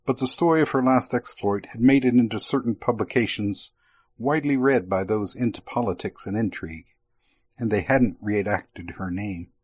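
A man narrates a fantasy spy tale at a steady, even pace. His voice sits low with a husky texture. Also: moderate pace.

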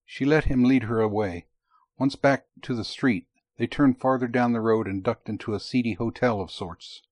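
A man narrating an audiobook in a steady, even tone. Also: mid-range voice, moderate pace, dry recording.

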